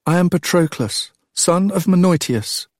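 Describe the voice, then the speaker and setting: A man voicing a nervous nine-year-old boy presenting himself as a suitor, in a high, scratchy voice. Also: lively intonation, measured pace, darkish tone, no room sound, clean studio sound. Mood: hesitant.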